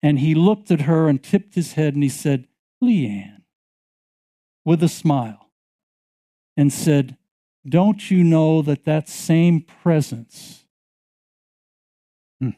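A man's voice: fairly high pitch, slow, pauses often, dark tone. A man preaching a sermon, retelling a story with many repetitions and building to emphatic passages. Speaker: pastor.

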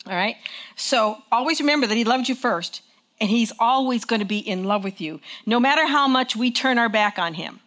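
Her voice sits a little high, expressive and fairly bright, moving at a moderate pace as she preaches to a church congregation. The style is chatty, with repeated "okay?" check-ins and call-and-response exchanges.

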